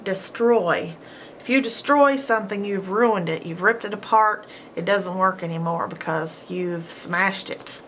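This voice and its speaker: Slow, patient woman teaching phonics. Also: mid-range voice, a bit bright, slight background noise. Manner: slow, patient, sounding out letters and praising. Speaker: homeschool teacher. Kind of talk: phonics lesson.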